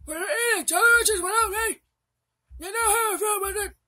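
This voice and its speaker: A woman playing a bossy, toothless old grandfather who scolds loudly. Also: very high-pitched, fairly quick. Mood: scolding. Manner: scolding, shouty.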